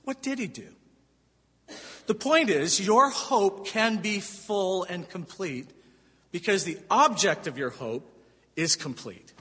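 A man's voice: high voice, expressive, slow pace, sharp tone. A man preaching a sermon as pastor, emphatic and conversational, asking the congregation rhetorical questions. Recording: long hall reverb.

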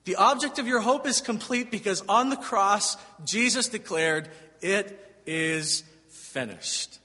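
A man preaches a sermon as pastor in a high-pitched, pushed and bright voice, emphatic yet conversational, putting rhetorical questions to the congregation. The recording carries a long hall reverb.

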